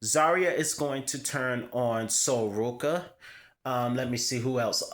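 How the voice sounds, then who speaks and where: A man's voice: mid-range voice, measured pace, fairly bright tone. A young man hosting his own wrestling review vlog, talking casually and emphatically, repeating words to stress a point. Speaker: wrestling show host.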